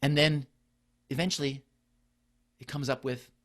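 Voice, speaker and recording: A man's voice: mid-range voice, level tone, measured pace, a bit bright. A middle-aged man, a physician, giving an earnest conference presentation that explains ideas through rhetorical questions.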